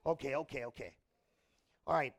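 A middle-aged male pastor preaching a sermon in a conversational way, asking the congregation questions and swinging from hushed to impassioned. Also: medium pitch, moderate pace. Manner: conversational, asks the audience questions.

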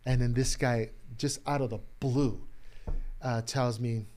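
A man who is a pastor tells a personal story in a relaxed conversation, with his voice at an ordinary male pitch. He is openly emotional. He goes loud and animated when he acts out what people said. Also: a little slow. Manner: emotional, animated retelling, acts out quotes loudly. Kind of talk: personal storytelling in casual chat.

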